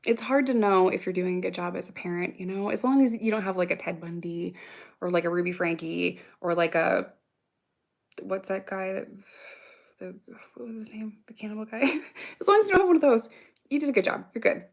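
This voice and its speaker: A woman's voice: mid-range voice, brisk, gravelly. A woman in her thirties chatting casually on a livestream, reacting aloud to viewer comments in a rambling, profane way and laughing often. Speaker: vlogger answering viewer comments.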